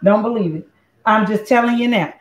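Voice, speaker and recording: This is casual live cooking talk from a woman host whose fairly high voice moves along briskly. She jokes and chats directly with the people watching, captured in an echoey space on muffled, lo-fi audio.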